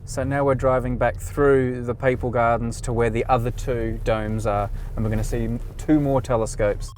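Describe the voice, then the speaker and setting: A man's voice: medium pitch, steady tone, moderate pace, a little mellow, a little hiss or hum. A man interviewing a tour guide, asking curious, easygoing questions. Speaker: video interviewer.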